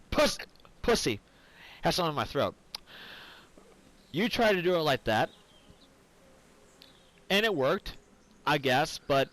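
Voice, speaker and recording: A man's voice: fairly high pitch, fairly bright tone, rough recording. A tipsy man, rambling and swearing through casual game commentary after some whiskey. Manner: rambling and profane. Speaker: gaming commentator.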